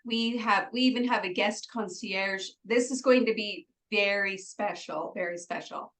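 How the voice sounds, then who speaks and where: Speaking at a measured pace, this medium-pitched woman has a fairly bright tone, though the audio quality is poor. She's a retreat organizer guesting on a conversational interview, chatty and bubbly, often giggling and saying "like" and "um."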